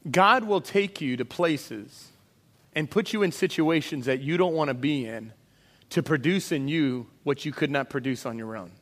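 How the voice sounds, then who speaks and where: A man preaching a sermon with a slightly high voice, full of energy and quick turns into voices for the people in the story. His words ring out with a long reverb around him, the sound of a big church hall. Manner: animated, acts out voices of disciples and Jesus. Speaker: pastor.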